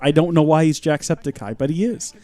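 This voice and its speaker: A young man streaming a video game live, chatting and joking with his audience as he plays, with sudden bursts of mock shouting. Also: a little high, steady tone, fairly quick, no room sound. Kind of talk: live gameplay commentary.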